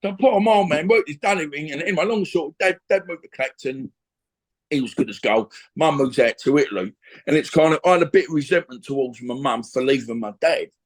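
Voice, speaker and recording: Older ex-boxer guest on a video call; slightly high voice, blunt, repetitive delivery. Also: male voice, lively intonation, brisk. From England. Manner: blunt, repetitive, restarts often. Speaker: interview guest, former boxer. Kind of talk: emotional storytelling on a video call.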